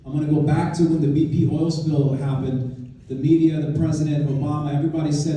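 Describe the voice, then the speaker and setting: A man with a fairly high, warm voice speaks briskly and flatly, far from the mic in a very echoey meeting room at a club event. As guest speaker at a political club, he keeps things informal, conversational, and emphatic, often restarting his sentences.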